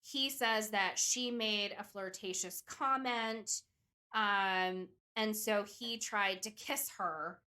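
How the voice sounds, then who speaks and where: Bright-voiced young woman telling a story. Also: medium pitch, slow pace. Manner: chatty storytelling, many "like" and "um". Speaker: podcast co-host telling the case. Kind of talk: casual chat.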